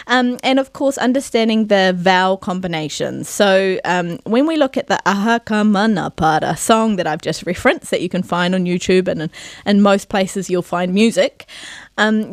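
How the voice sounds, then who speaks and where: A woman radio host with a New Zealand accent, teaching te reo Māori pronunciation in a clear, measured way. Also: medium pitch, no room sound, clean studio sound. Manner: clear, measured teaching, demonstrating words aloud. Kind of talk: radio language lesson. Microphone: studio microphone.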